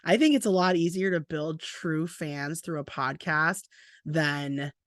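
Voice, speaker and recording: A woman co-hosting a podcast, a former teacher turned librarian, chatting casually with a deadpan, sarcastic streak. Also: low voice, unhurried, no room sound, studio quality.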